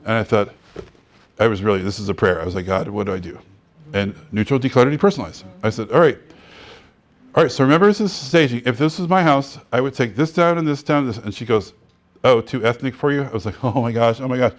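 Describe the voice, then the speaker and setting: A man's voice: medium pitch, fast. A man teaching a real estate class, telling stories and acting out the dialogue with frequent laughter. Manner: animated storyteller who acts out dialogue and laughs often. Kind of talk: classroom lecture with anecdotes.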